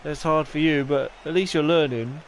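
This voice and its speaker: A man's voice: a little high, normal speed, some chatter behind, a little hiss or hum. A man live-streaming a baseball game, talking in a rambling, stuttering, encouraging way. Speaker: gaming streamer.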